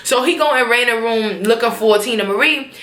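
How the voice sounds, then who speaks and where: A young woman talks through a TV episode in loose, slangy chat, voicing the characters' lines as she goes. Her voice sits a little high, and the room around her rings with echo. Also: brisk, fairly bright tone. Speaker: TV episode recapper. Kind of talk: casual episode recap.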